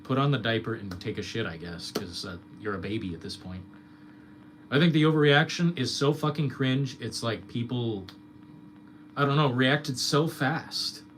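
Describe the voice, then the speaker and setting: A man's voice: lowish voice, a bit bright, a little hiss or hum. A young man streamer ranting in casual chat, swearing a lot and mocking his critics.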